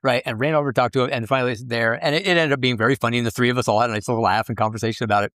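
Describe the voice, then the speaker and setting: A middle-aged man, a guest on a podcast, tells animated anecdotes about his sideshow life, often restarting his sentences. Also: medium pitch, rapid-fire, no room sound, studio quality. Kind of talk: casual interview storytelling.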